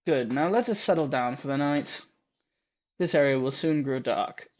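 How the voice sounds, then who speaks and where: A man's voice: medium pitch, lively intonation, moderate pace, a little mellow, natural voice. A man voicing a bossy swordswoman, Scottish. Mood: stern. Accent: put-on Scottish. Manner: brusque, commanding. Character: gruff tough woman swordswoman, blunt and bossy. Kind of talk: reading a visual novel aloud.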